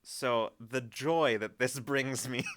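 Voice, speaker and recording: A young man with a mid-range voice chats on a live-streamed podcast. He gets excited quickly and laughs through his sentences. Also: mid-range voice. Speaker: podcast co-host. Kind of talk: casual chat.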